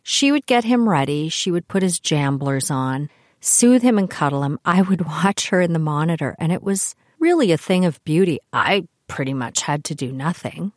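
An older woman hosting her own podcast, talking in a chatty, animated way about her family. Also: moderate pace, no room sound, clean studio sound. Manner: chatty and animated, with swings in pitch. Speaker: podcast host. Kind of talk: casual solo podcast monologue.

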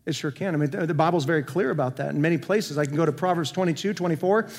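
A male senior pastor preaching a sermon, asking the congregation questions and moving between emphatic and soft delivery. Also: a little high, racing, vocal fry. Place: church sanctuary. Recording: long hall reverb.

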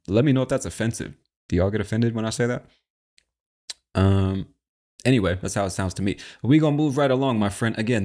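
A man hosts a casual English-learning podcast, chatting directly to the listener in an animated, friendly way. His voice is fairly low. His pitch often jumps up for emphasis. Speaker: podcast host and English teacher.

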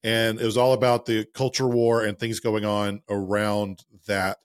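Brief: thirties man, low-ish voice, easygoing podcast co-host, dry close sound. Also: normal speed, dry recording. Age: 30s. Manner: relaxed, self-deprecating, conversational. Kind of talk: casual podcast chat.

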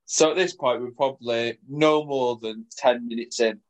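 A man co-hosting a podcast, telling a funny story in casual chat, often laughing as he talks. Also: medium pitch. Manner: laughing storyteller, quick bursts. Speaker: podcast co-host.

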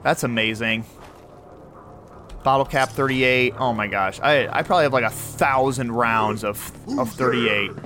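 A man hosting a podcast, excitedly talking through his own video game play as he goes. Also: medium pitch, unhurried. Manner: excitable, narrates his every move aloud. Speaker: podcast host.

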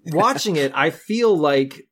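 A man's voice: a little high, lively intonation, slow pace, a bit bright, a little hiss or hum. A young adult man co-hosting a podcast, animatedly retelling movie scenes with quoted lines. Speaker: podcast co-host. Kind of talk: casual film discussion.

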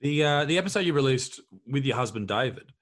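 A male podcast host with a voice of ordinary pitch for a man, talking things over casually with his guest. He speaks thoughtfully and haltingly, pausing and restarting as he works through a question. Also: animated. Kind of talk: casual interview chat.

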